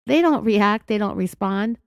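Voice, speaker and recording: A woman with a California accent hosting a true crime podcast, raspy from being sick, telling the story in an indignant, sarcastic way. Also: medium pitch, lively intonation, a little slow, dry recording, clean studio sound. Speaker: podcast host.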